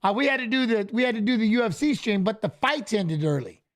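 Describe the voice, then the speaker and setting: A man's voice: high voice, fast talker. A middle-aged man co-hosting a live fight watch-along, telling stories casually and acting out the dialogue he quotes. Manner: animated, acts out quoted dialogue, repeats "I go". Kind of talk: casual storytelling on a live stream.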